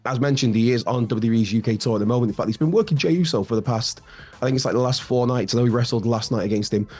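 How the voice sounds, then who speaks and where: Slightly raspy man chatting wrestling news. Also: mid-range voice, racing, a little mellow, faint music behind. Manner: chatty, many fillers and restarts. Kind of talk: casual news commentary.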